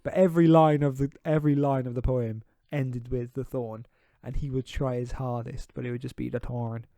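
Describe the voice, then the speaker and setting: A man's voice: medium pitch, little pitch movement, a little fast, mellow, no echo. A young man co-hosting a podcast, telling stories in casual chat with laughs and swearing. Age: young adult. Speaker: podcast co-host.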